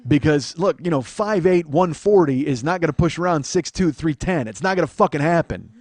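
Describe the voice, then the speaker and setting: Fast-talking profane man. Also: fairly high pitch. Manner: profane, animated storytelling with acted-out quotes. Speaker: comedian host. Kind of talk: podcast storytelling.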